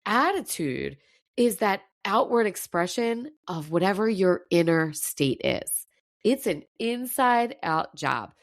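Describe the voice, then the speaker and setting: A woman's voice: mid-range voice, very animated, takes it slowly, no echo, studio quality. A woman coach giving a fired-up motivational talk, her voice slightly scratchy. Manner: emphatic, fired up. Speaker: mental performance coach.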